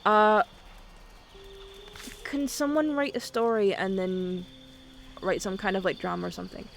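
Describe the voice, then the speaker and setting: A woman's voice: mid-range voice, expressive, measured pace, gravelly, a little hiss or hum. A woman streaming a game, chatting casually, swearing freely and reading dialogue aloud. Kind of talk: casual gaming stream chat. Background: faint game music.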